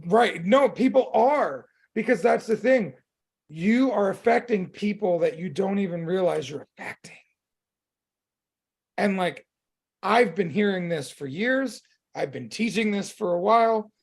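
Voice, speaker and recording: A man's voice: high voice, unhurried, creaky, a little mellow, breathy edge. A man co-hosting a casual talk show, emphatic and swearing casually. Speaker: podcast co-host. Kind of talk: casual chat.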